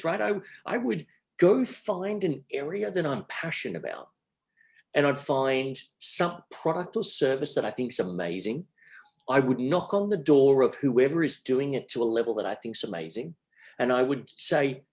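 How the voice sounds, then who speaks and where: A man's voice: mid-range voice, big pitch swings, normal speed. A middle-aged Australian man as a guest on a podcast interview, speaking with energy and emphasis and repeating his phrases. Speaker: entrepreneur guest.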